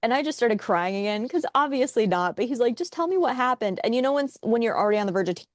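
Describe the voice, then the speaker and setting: A young woman co-hosting a casual chat, telling a story in a wry, animated way and acting out what others said. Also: a little high, fast, no room sound, studio quality. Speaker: podcast co-host.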